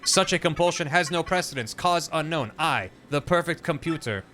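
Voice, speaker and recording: A man voicing a proud male computer who speaks in a stiff, measured, formal way and is puzzled by feelings. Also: fairly high pitch, lively intonation, sharp tone, a little hiss or hum. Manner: stiff, measured robotic delivery.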